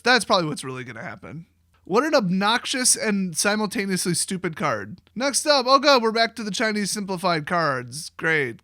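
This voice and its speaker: A man's voice: high voice, bright, forceful tone, no room sound, studio quality. A man hosting a card game review, ranting in a sarcastic, exasperated and profane way. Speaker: card game video host.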